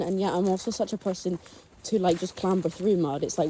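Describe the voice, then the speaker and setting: Brief: excitable woman, rambling vlog talk, handheld camera outdoors, faint background noise. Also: fairly low pitch, brisk. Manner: chatty, rambling, excitable, slangy. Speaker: vlogger. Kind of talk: casual vlog narration while exploring. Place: outdoors at a ruined castle, rainy.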